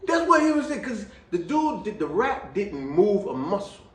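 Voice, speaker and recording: A middle-aged man telling a personal story to viewers, lively and full of slang, swinging between loud exclamations and quiet asides and laughing often. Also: high-pitched, normal speed. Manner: casual American slang, addresses viewers as y'all. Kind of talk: animated storytelling monologue. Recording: roomy, a little distant from the mic.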